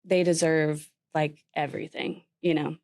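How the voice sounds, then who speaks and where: A woman's voice: sits low, level tone, unhurried, creaky, darkish tone. A woman, a podcast guest talking earnestly and casually with many "like" fillers. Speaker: guest, former communications manager. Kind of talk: casual interview chat.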